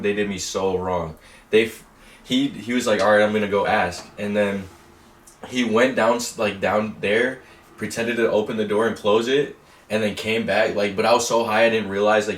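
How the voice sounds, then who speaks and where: A young man with a low voice rambles through an animated story. The room echoes around him. The mic sits some distance away. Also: moderate pace, slight background noise. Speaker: co-host. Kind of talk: casual storytelling chat. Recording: roomy echo, mic at a distance.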